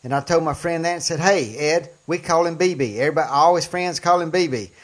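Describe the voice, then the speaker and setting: A man's voice: on the high side, fast. Emphatic Southern man hosting a political show. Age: older. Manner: emphatic, folksy, rises loud on key points. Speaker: political talk show host. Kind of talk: political commentary monologue.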